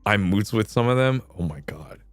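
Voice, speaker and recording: A man's voice: on the low side, animated, normal speed, dry recording. A young man talks loosely into a close mic on a late-night stream. He rambles and restarts his sentences, with casual swearing throughout. The sound is dry, with faint music underneath.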